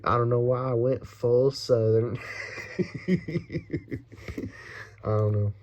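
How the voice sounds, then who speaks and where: A man's voice: mid-range voice, steady tone, slow, darkish tone, highs cut off. A young man from the Dominican Republic ranting casually about politics, rambling with many restarts, swearing and nervous laughs. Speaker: vlogger.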